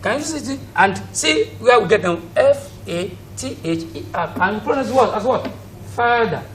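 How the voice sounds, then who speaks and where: In a recorded classroom lesson for students at home, a man with a Nigerian accent teaches English pronunciation in a high, bright, animated voice at a moderate pace. He keeps questioning his students and drills each word by repetition. The distant mic gives poor audio with a faint hiss.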